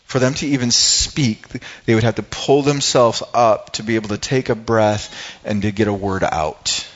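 A man's voice: on the low side, steady tone, normal speed, dull audio. Earnest man preaching a sermon. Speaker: pastor.

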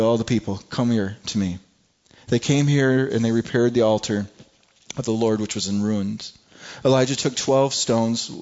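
A man's voice: lowish voice, a little mellow, highs cut off. Stammering male preacher in a sermon. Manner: repeats and restarts words, asks the listeners rhetorical questions. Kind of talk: sermon with scripture reading.

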